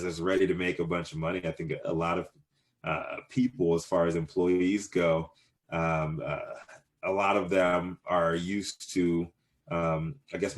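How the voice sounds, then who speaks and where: Deep-voiced man in his thirties, rambling. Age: 30s. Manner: rambling, many fillers and restarts. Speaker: cannabis business owner, guest. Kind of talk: casual interview answers.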